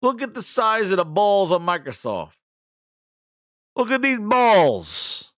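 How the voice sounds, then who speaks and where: A man hosting a gaming podcast in a raised, lively voice that swings all over. He rants casually, swears freely and mocks as he goes. The sound is close and dry. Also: sits high, slow, no room sound. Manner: profane, mocking, laughing often. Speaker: podcast host. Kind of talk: casual ranting commentary.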